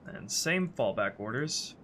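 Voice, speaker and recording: A game modder and streamer with congested sinuses and a stuffy, mid-range voice thinks aloud casually while editing a game level, relaxed and offhand. He speaks at a measured pace, with slight background noise and music playing underneath.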